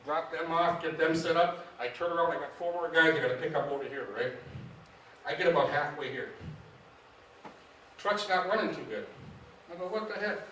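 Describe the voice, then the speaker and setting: A middle-aged male fishing guide tells stories casually to a club audience in a meeting hall, folksy and animated, acting out the quoted dialogue. He speaks at a moderate pace with frequent pauses. The distant mic picks up a boomy, echoey room along with a little hiss or hum.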